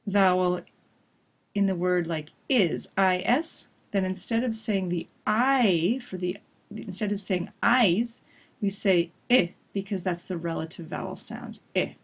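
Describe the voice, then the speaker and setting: A woman teacher walking a class through a pronunciation lesson, explaining and clearly modeling vowel sounds. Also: medium pitch, a little mellow. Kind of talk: recorded course review lesson.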